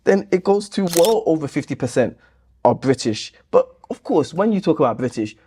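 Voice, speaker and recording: At a normal pace, a man on his YouTube channel reads viewer comments aloud and replies with exasperated sarcasm, his pitch jumping lively. A faint hiss or hum runs underneath.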